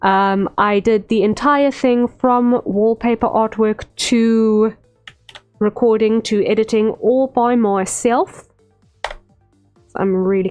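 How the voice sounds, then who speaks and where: A woman's voice: a little high, fairly even intonation, a little mellow. A woman streamer chatting casually while drawing, rambling with lots of "um" fillers. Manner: unhurried, rambling, many "um" fillers. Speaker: streamer, VTuber artist. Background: faint stream music.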